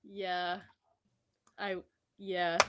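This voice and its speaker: Slow-talking woman player at a game table. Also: fairly low pitch, lo-fi sound, very noisy. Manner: laughing, self-deprecating and relaxed. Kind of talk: casual chat at a tabletop game.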